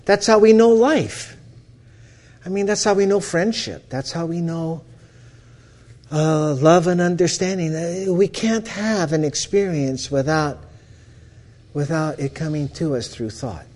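A man, a counselor, giving a storytelling talk about how thought shapes experience. He talks with lively energy, often restarts his phrases and laughs as he tells a story. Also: a little high, measured pace. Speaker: counselor teaching the principles.

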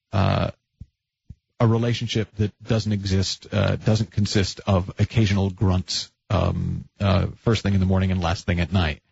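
A man voicing a calm mother who talks plainly to her grown son, in a husky, measured way. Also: on the low side, no room sound, lo-fi sound.

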